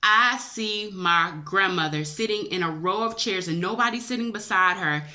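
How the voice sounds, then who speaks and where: Bright-voiced woman telling a dream story. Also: medium pitch, normal speed. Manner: emotional, chatty, addresses viewers as y'all. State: teary-eyed. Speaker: vlogger. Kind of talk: personal storytelling to camera.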